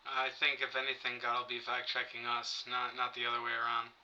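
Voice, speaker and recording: A man hosts a casual chat with an AI and keeps coaxing it in a halting, repetitive way. His voice is bright and sits at a middle pitch. The recording sounds dull and lo-fi. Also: completely flat delivery. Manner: coaxing, halting, repeats himself. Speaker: podcast host.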